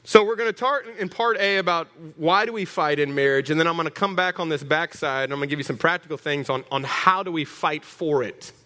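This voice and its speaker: Bright-voiced preacher with a high pitch. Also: male voice, fairly quick, hardly any pauses, big-room sound. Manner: animated, humorous, rallying the congregation. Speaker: pastor. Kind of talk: sermon. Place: church hall.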